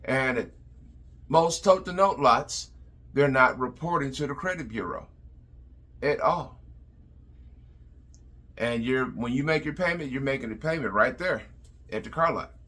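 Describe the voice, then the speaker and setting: A man's voice: medium pitch, measured pace, long pauses, sharp tone. A car salesman talking through buying advice in a plain, repetitive way with lots of fillers. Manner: plain-spoken, repeats words, many fillers. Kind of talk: advice vlog talk.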